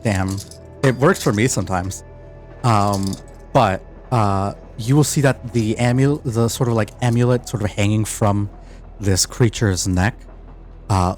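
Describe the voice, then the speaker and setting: A man's voice: lowish voice, steady tone, a little mellow, faint music behind. A man narrating as game master of an online tabletop game, stumbling and restarting as he describes things. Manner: halting, restarts while describing, self-deprecating.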